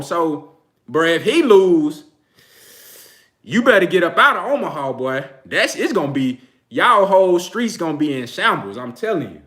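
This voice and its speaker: Male streamer, Texan accent, casual boxing chat, high voice, quick to laugh. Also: sharp tone. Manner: loose, slangy, laughs often. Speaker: boxing channel host. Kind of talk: casual livestream commentary.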